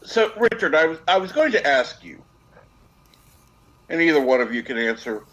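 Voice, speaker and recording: A playful man hosting a group voice call, his voice fairly high with plenty of rise and fall. He asks the others odd questions. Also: very animated, normal speed, a bit bright, muffled recording. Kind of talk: casual group voice chat.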